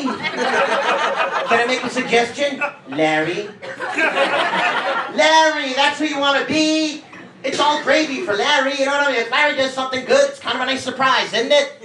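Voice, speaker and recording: A man's voice: extremely high pitch, quick pace, heavy background noise. A man of forty doing a stand-up comedy set, wry and self-mocking, often acting out the voices of people he quotes. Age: 40s. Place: comedy club stage before a laughing crowd. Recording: roomy club audio from a distance, crowd laughter.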